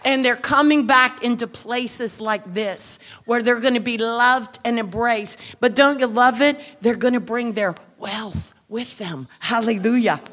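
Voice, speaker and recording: Woman preacher, high and bright, animated storytelling building to shouts at a church service. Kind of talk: sermon.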